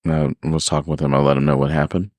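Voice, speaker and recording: Podcast host, male, low voice, animated storyteller, dry sound. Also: rapid-fire, dry recording. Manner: animated storyteller, acts out customers with big pitch jumps. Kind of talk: casual storytelling chat.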